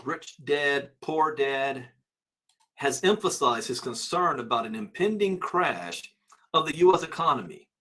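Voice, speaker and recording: A man in a mid-range voice talks through market numbers in a relaxed, chatty way. He reads figures and news aloud, then drifts into musing asides of his own. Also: mid-range voice. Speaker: crypto channel host. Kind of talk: casual market commentary, reading headlines aloud.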